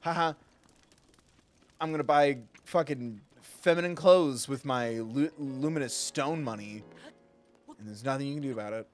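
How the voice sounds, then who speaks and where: A man's voice: medium pitch, normal speed, pauses often, soft background music. A man streaming a video game live, chatting casually with viewers in a rambling way and swearing freely. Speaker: gaming streamer. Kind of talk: casual live gameplay commentary.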